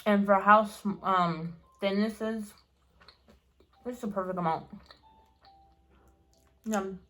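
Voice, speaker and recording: A woman's voice: medium pitch, steady tone, slow pace, a bit bright. A young woman hosting a casual eating show at home, rambling and chatty with lots of fillers, talking between bites. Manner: rambling, chatty, many fillers and restarts, eats while talking. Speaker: mukbang vlogger.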